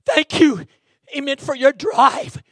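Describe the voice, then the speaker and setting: A man preaching an impassioned sermon in a church, breaking into shouts and dropping "amen" between lines. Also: extremely high pitch, slow, no echo, studio quality. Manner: fervent, bursts into shouting, peppers lines with "amen". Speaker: guest preacher. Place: church sanctuary.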